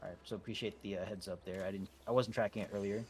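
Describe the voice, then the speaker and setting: Laid-back man leading a voice-chat raid. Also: fairly low pitch. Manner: relaxed, halting, many fillers and restarts. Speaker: raid leader. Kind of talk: casual voice chat organizing a game raid.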